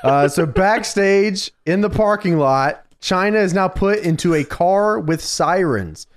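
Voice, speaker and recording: High lively man giving play-by-play. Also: unhurried. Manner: narrates events step by step. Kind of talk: casual play-by-play recap.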